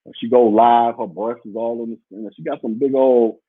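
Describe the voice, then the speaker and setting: A man's voice: mid-range voice, steady tone, moderate pace, slightly rough, dry recording. A man hosting a podcast as a casual livestream, reading out viewer comments in a rambling, blunt and profane way. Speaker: podcast host. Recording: muffled phone-like audio.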